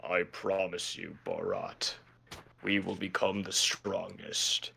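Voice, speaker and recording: A man voicing an earnest hulking male warrior who talks in slow, solemn pledges, lower than his own voice, with a gravelly edge. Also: sing-song, sharp tone, heavily acted. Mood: solemn vow.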